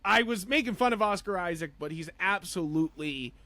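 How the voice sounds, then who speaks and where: Excitable man, rambling film chat. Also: high-pitched, brisk, dry recording. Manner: excitable, rambling, many fillers and restarts. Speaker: podcast co-host. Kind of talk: casual film review chat.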